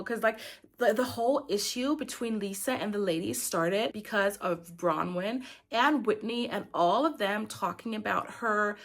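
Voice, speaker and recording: A woman's voice: medium pitch, a little slow. A woman giving a casual, opinionated recap of a reality show, chatty and filling her talk with "like". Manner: chatty and opinionated, saying "like" constantly. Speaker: recap YouTuber.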